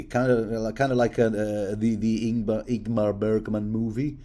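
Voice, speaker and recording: Rambling man chatting through a book, stammers and chuckles, lowish mellow voice. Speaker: book commentator. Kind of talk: rambling casual commentary.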